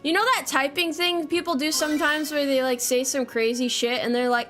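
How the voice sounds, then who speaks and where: A young adult woman streaming casually, joking and rambling with frequent swearing and quick laughs, reading chat from a home desk mic. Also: high voice, fairly even intonation, fairly bright tone, faint music behind. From United States. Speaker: VTuber streamer.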